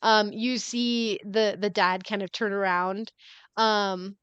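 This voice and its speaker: Chatty woman game master, smooth dry voice. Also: medium pitch, steady tone, slow, a bit bright, dry recording, dull audio. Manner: chatty, laughs often, lots of fillers. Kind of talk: narrating a tabletop game. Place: home.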